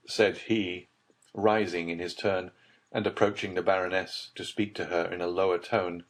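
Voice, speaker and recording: A male audiobook narrator reading a classic novel in a measured, even storytelling manner. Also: low-pitched. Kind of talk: scripted literary narration.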